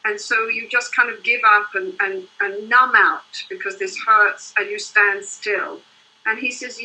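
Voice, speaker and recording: Speaking a little slowly in a bright, forceful, medium-pitched voice, an older couples therapist earnestly describes what she does in an interview. Her answers flow on at length, punctuated by "you know" and "right?", and the audio is poor.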